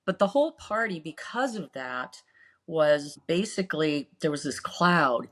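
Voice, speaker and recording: A woman's voice: low-pitched, lively intonation, a little slow. A woman co-hosting a podcast, earnestly recounting painful memories in casual storytelling. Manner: earnest, re-lives painful memories, acts out quotes. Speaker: podcast co-host.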